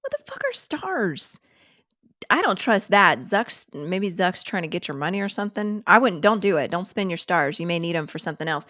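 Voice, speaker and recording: A woman's voice: on the low side, fairly quick, hardly any pauses, bright, forceful tone, no echo, clean studio sound. A woman hosting a live stream, chatting casually, giggling and swearing freely as she reacts to clips. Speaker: host.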